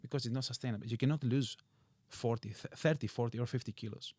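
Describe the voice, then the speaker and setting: A man's voice: medium pitch, fast, darkish tone, no room sound. A man, a guest personal trainer, answering questions in a plain, direct way. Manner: plain, direct, slightly non-native phrasing. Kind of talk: casual podcast interview.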